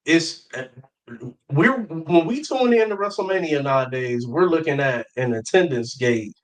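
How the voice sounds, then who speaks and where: Young male co-host, a bit high-pitched, blunt and profane in casual chat. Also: expressive, unhurried, rough recording. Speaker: podcast co-host.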